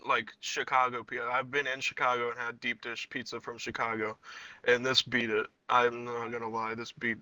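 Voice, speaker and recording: A man's voice: medium pitch, completely flat delivery, moderate pace, bright, forceful tone, no room sound, low-quality recording. A young man co-hosting a podcast, chiming in casually with profane asides. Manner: chiming in with laughs and profane agreement. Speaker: podcast co-host. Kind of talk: casual chat.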